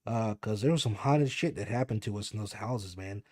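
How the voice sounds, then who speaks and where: A man's voice: on the low side, a little fast, crowd noise. A young man on a podcast, telling a spooky story casually with lots of fillers and swearing. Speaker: podcast co-host.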